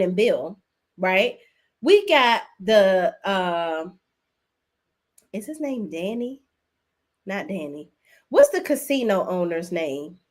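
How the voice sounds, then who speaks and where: Chatty woman recapping soaps to her chat. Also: medium pitch. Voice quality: chatty, animated, talks to chat directly. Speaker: host. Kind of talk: casual live-stream soap opera recap.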